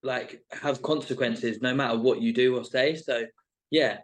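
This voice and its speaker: A man talks loosely and casually as a guest, stringing his thoughts along with plenty of fillers. His voice sits at an ordinary middle pitch and he never sounds scripted. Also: steady tone, measured pace. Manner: rambling, full of "like" and "sort of". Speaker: reality show contestant guest. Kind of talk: casual interview chat.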